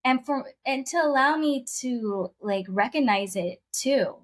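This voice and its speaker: A woman's voice: high-pitched, expressive, unhurried. A woman guest telling a personal story in conversation, earnest and emotional, often repeating her phrases.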